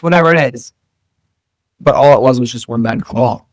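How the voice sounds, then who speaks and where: A man's voice: medium pitch, fairly quick, dry recording. A man being interviewed as a guest, talking casually and rambling, with lots of fillers and restarts. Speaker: guest entrepreneur.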